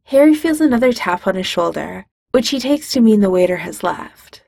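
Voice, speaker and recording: Fiction reader: woman, wry and casual, raspy with vocal fry, dry. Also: mid-range voice, animated, normal speed, few pauses, darkish tone, dry recording. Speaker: narrator. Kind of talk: fan fiction audiobook reading.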